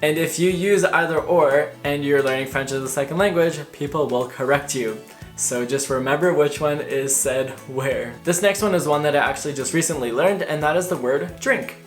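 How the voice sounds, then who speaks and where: A woman's voice: low-pitched, moderate pace, soft background music. A young woman from Canada giving a casual, friendly explanation to her viewers in a vlog. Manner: friendly, chatty teaching tone. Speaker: language vlogger.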